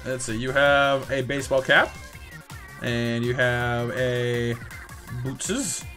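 A man streaming a game with viewers, chatting casually, stumbling over and repeating words, and now and then yelping in high excitement. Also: slow pace, soft background music. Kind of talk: casual live-stream chat over gameplay.

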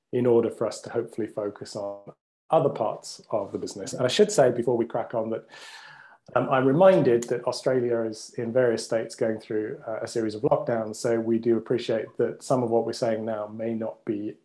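Upbeat man with a mellow voice. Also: medium pitch. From United Kingdom. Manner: upbeat and jokey, with frequent restarts. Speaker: company CEO, webinar host. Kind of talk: casual webinar hosting.

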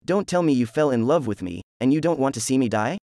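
A man's voice: medium pitch, expressive, quick pace, warm tone, dry recording, studio quality, lightly acted. A man voicing a rude, lazy teenage boy ninja antihero who talks in a crude, dismissive way. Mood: mocking.

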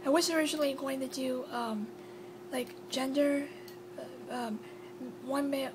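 High-voiced chatty woman host. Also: steady tone, normal speed. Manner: chatty and apologetic, drops to a whisper at times. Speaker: video host. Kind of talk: casual chat. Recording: clear background hum.

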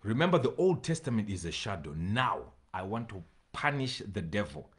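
A man preaching a sermon to his congregation, reading scripture slowly and repeating phrases for emphasis, sometimes pleading with his listeners. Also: lowish voice, very animated. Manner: addresses congregation directly, pleading. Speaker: pastor.

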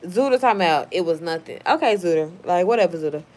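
A woman's voice: on the low side, animated, fast talker, a little mellow. Blunt, foul-mouthed woman streamer. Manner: blunt, profane and heated. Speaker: live streamer. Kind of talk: casual live-stream chat, reading out comments.

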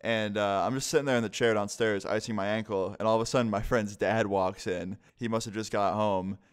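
A young man tells a story to his viewers in a loose, rambling vlog style, dropping swear words as he goes. His voice sits a little low and sounds smooth and clear, and the tone is casual and unpolished. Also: fairly even intonation, brisk. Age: young adult. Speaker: vlogger.

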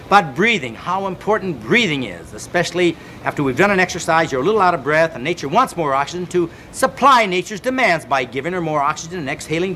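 A man's voice: on the high side, slight background noise. A man hosting a televised home exercise show, counting reps energetically and speaking earnestly and directly to the viewer. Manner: energetic counting and coaxing commands. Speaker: fitness show host.

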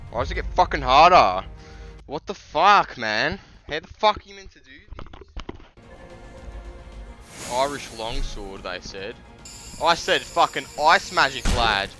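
A man with an Australian accent giving sweary gameplay commentary, excitable and yelling at enemies. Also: medium pitch, unhurried, long pauses. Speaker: gaming video host. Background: loud game music.

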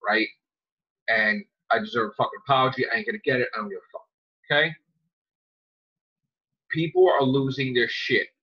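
A man hosting a podcast, ranting angrily with lots of swearing and sudden loud outbursts. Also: medium pitch, breathy edge. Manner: heated, profane, jumps to loud outbursts. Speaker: podcast host. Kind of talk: angry podcast rant. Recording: dull lo-fi sound.

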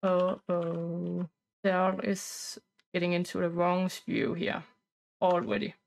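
A woman's voice: fairly low pitch, slow pace, vocal fry, rough recording. A woman casually narrating a life-sim game playthrough in a rambling, talkative way with loose grammar. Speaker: gameplay narrator.

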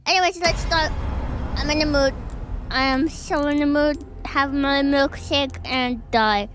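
A woman streamer chatting casually to her viewers, giggly and excitable, rambling with lots of fillers. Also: sits high, unhurried, a little hiss or hum.

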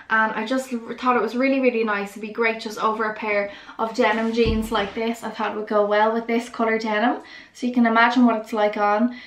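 A young woman talks eagerly to her viewers, gushing over each new piece. Her voice sits a little high, and the room around her is echoey. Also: a bit bright. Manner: chatty and enthusiastic, lots of "really, really". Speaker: vlogger. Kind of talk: casual haul vlog chat.

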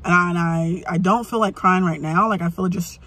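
A burnt-out woman venting in a frustrated, halting rant from inside her parked car, starting over again and again. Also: lowish voice, fairly even intonation, fairly bright tone, breathy edge. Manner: frustrated, halting, many restarts. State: burnt out and weary. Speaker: vlogger. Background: faint rain and vehicle ambience.

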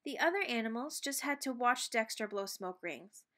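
A woman reading a children's picture book aloud, expressive and playful with sound words. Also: fairly high pitch, moderate pace. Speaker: read-aloud narrator.

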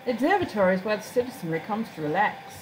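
A woman's voice: mid-range voice, sing-song, fast talker, slight background noise, voice pushed up, close to an everyday voice, poor audio. Woman reading a stiff, dutiful fantasy-town guide with formal, ceremonial diction.

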